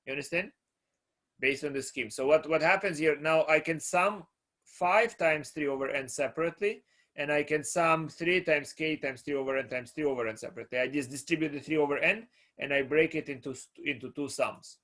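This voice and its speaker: A man's voice: a little high, a little fast, a bit bright. Talkative man giving a calculus lecture. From Russia. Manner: conversational, checks in with students often. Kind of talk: classroom lecture.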